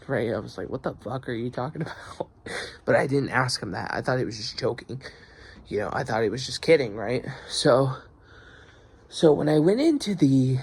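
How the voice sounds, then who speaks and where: A man's voice: mid-range voice, creaky, breathy edge. A young man venting in a rambling, profane video diary about his work schedule. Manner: profane, rambling, frustrated venting with many restarts. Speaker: vlogger. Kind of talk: casual video diary rant.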